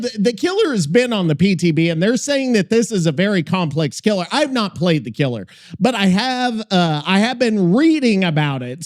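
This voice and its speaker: A man hosting a casual gaming podcast, rambling and swearing freely as he stumbles over words. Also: high-pitched. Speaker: podcast host.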